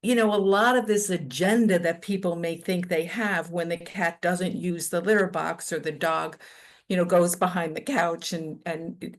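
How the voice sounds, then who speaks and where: A woman's voice: lowish voice, steady tone, moderate pace. A woman from New York speaking as a radio guest, reflective and chatty, thinking aloud. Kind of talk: casual radio interview.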